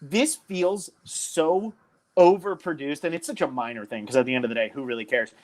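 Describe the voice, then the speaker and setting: A man's voice: fairly high pitch, moderate pace, darkish tone. A young man from New Jersey co-hosting a podcast, talking casually and enthusiastically with lots of fillers. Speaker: podcast co-host.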